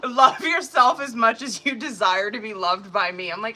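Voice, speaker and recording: Bright-voiced woman chatting on a tarot live stream. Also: fairly high pitch, normal speed, poor audio. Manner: chatty, swears and laughs often. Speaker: tarot reader. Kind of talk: casual live-stream chat.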